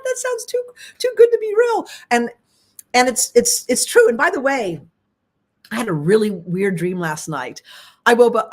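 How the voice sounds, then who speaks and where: A woman hosting a casual conversation, telling stories animatedly and jumping up high when she voices her own reactions. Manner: animated storytelling, voice leaping high for quoted reactions. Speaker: host.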